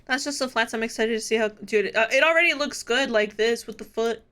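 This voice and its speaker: A woman's voice: a little high, a little fast, bright, forceful tone, clear, resonant tone. A young woman streaming, chatting casually with her viewers, giddy and laughing often. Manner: giddy, laughs often, talks straight to chat.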